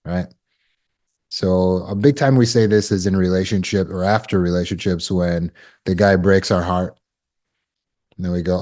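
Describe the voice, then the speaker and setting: A man with a deep, low voice leads a live online coaching class over a video call. He is encouraging, affirms answers with quick praise and keeps asking "right?". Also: steady tone, a little mellow. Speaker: healing coach. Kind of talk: live online teaching session.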